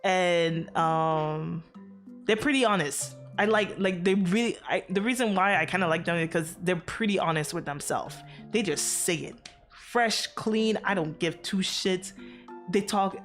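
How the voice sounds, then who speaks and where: A woman streaming and chatting loosely to her chat in a low-pitched voice, piling up fillers and curse words as she rambles. She is from outside America. Soft music plays faintly behind her. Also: measured pace. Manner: rambling, animated, frequent swearing and fillers. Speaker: VTuber streamer.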